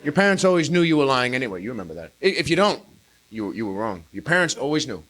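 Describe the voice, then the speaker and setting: A man in his thirties performing a live stand-up routine, with an animated, exaggerated delivery and acted-out quotes. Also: medium pitch, quick pace. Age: 30s. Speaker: stand-up comedian. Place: comedy club stage with audience. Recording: hissy early-1980s live club recording.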